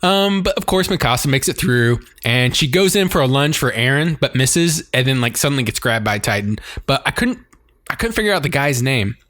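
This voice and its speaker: A man's voice: medium pitch, lively intonation, fairly quick, fairly bright tone, dry recording. Rambling man recapping anime, dry sound. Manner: rambling, heavy use of "like", breaks into laughter. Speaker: podcast co-host. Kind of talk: casual chat recapping anime.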